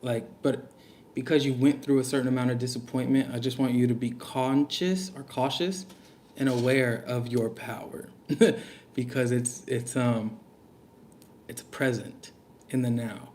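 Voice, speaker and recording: A man's voice: mid-range voice, steady tone, unhurried, darkish tone, a little hiss or hum. A man giving a casual spoken reading to camera, loose and slangy, musing aloud with fillers. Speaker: tarot reader.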